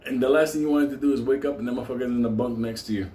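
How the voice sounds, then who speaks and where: A man's voice: medium pitch, racing. New guy riffing stories, swears a lot, laughs, roomy echo. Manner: profane, laughing, animated storyteller. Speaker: channel host. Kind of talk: casual storytelling monologue. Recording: echoey room with faint ambience.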